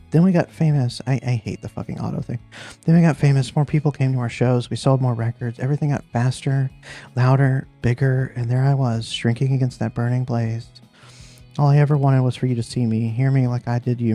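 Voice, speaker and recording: A man reads as an earnest, regretful woman singer in a story game, her voice low and mellow. She speaks with emotional sincerity, and faint music plays behind her. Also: lightly acted. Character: regretful grown woman, a pop singer and sister. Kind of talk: voicing a story game's dialogue.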